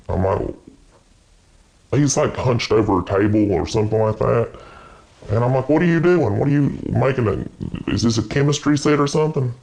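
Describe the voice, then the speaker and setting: A man playing an awkward adult twin brother in a mock documentary, his voice disguised and lowered, acting out quotes as he tells a story. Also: creaky, a little mellow, rough recording.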